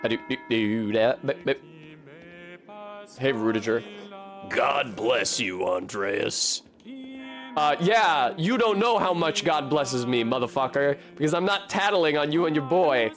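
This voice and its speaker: A man's voice: on the high side, expressive, faint music behind. A man streaming a narrative game, reading character lines aloud and joking about them. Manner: jokey, reads dialogue in a slow deliberate way.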